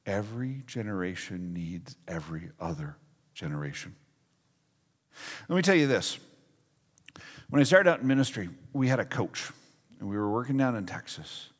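A man's voice: fairly low pitch, expressive, moderate pace, pauses often. A pastor in his forties preaching a conversational, storytelling sermon in a church sanctuary. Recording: long church reverb.

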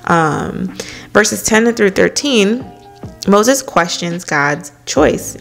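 Lady doing a chatty bible study, lowish gravelly voice, says "you know" a lot, faint music behind. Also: drawn-out words. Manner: conversational, many "you know" fillers, light laughs. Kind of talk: casual Bible study talk.

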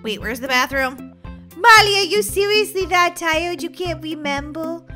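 A very high, piercingly bright woman, excitable and dramatic, hamming it up in a playful game role-play. She swings between giggles and mock panic, with soft music under her voice. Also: normal speed.

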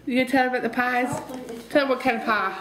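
A woman's voice: high-pitched, fairly even intonation, fast, reverberant, low-quality recording. A woman at a family gathering prompting a child to speak. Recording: home video with crowd chatter.

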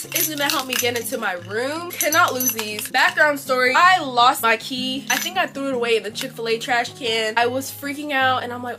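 A young woman chatting casually to viewers as a vlogger, playful and talkative. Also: sits high. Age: young adult. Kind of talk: casual chat to camera.

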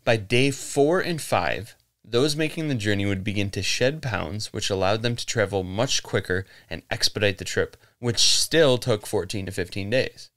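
This American co-host speaks at a moderate pace in a fairly low, somewhat bright voice. On his podcast he wanders casually through a legend, laughing and swearing as he tells it.

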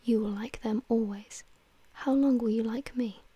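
A woman's voice: fairly high pitch, steady tone, a little slow, warm tone, slightly rough, no echo. A woman whispering the part of an anguished, vain young man in a whispered role-play reading.

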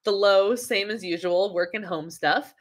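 A woman's voice: mid-range voice, measured pace. A woman who is a wellness coach, chatting on a webcam livestream and reading out viewer comments. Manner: chatty and animated, laughs often.

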